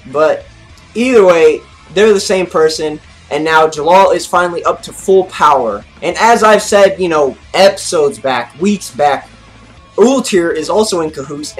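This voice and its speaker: A man hosting an anime review, recapping an episode in a casual, excitable way, saying "like" often and gesturing as he talks. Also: fairly high pitch. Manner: excitable, heavy use of "like"; gestures with his arms while talking.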